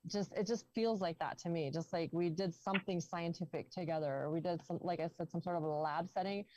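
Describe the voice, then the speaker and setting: A woman's voice: lowish voice, steady tone, fairly quick, warm tone, muffled recording, a little hiss or hum. A woman from the southern United States, a roundtable guest telling a long, rambling story on a video call and correcting herself as she goes. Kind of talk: casual video-call chat.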